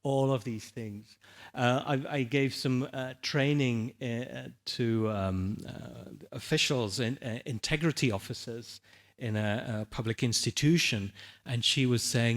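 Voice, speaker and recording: Male panelist, mid-pitched voice, loose conversational delivery with restarts and check-ins. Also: measured pace. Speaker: conference panelist. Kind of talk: conference presentation.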